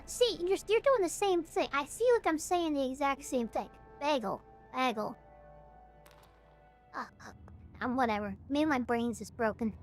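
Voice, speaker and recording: A woman streaming a game live, rambling in a chatty, self-mocking way. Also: sits high. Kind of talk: casual live gameplay chat.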